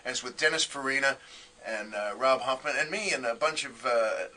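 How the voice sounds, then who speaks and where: A man telling a story as a guest on a radio interview, animated and acting out the voices he quotes. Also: mid-range voice, brisk, recorded from a distance, slight background noise. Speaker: comedian guest.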